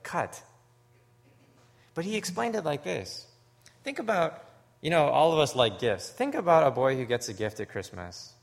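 A man from Canada preaching a sermon, earnest and story-driven, swinging from hushed, low moments to loud, emphatic ones. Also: gravelly. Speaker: pastor.

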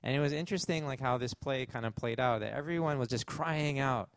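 A man's voice: medium pitch, brisk, no room sound. A man with a Canadian accent preaching a sermon as pastor, conversational, with asides and fillers.

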